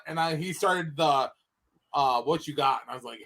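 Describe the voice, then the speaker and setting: A man co-hosting a podcast in casual banter, joking and playful with quick asides. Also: a little high, fairly bright tone. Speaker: podcast co-host.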